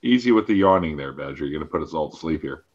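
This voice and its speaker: A man's voice: a bass voice, expressive, fast talker, highs cut off, crowd noise. A man hosting a casual group livestream chat. He talks loosely, swears freely and laughs often. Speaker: livestream host.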